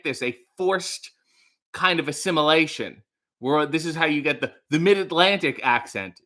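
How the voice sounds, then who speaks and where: A young man hosts a loose, chatty livestream, joking and drifting off topic with dry sarcastic asides. His voice is bright and a little high for a man. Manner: playful, rambling, sarcastic asides. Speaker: livestream host. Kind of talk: casual livestream chat, reading chat messages.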